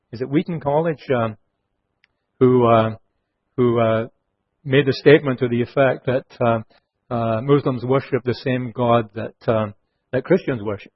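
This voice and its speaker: Husky-voiced preacher, slowing on key phrases. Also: male voice. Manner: earnest, slows down and drops low on key phrases. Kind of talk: expository sermon. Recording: muffled lo-fi sermon recording.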